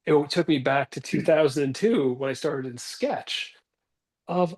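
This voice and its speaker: A man's voice: on the high side, moderate pace, hardly any pauses, a little mellow. A man in his forties telling stories about his acting career in a rambling, self-deprecating way, calling in from his bathroom at home. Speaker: actor guest. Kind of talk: casual interview talk.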